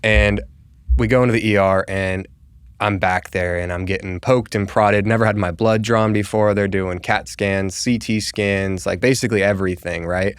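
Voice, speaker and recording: A man's voice: on the low side, fairly even intonation, normal speed, smooth, dry recording. A young man from Colorado, a podcast guest, telling a long personal story in casual chat, full of "like" and acted-out quotes. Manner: conversational, full of "like", acts out quoted dialogue. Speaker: podcast guest, real estate agent.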